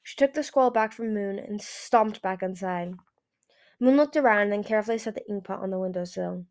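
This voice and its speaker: A woman's voice: mid-range voice, moderate pace, darkish tone. A woman reading a fantasy novel aloud in plain narration, now and then correcting herself. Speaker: audiobook reader.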